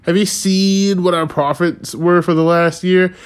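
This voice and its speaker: Man, slightly high voice, casual rant, sarcastic, swears a lot, rambles off topic. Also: steady tone, measured pace, smooth. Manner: profane, rambling, sarcastic, laughs often. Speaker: podcast host.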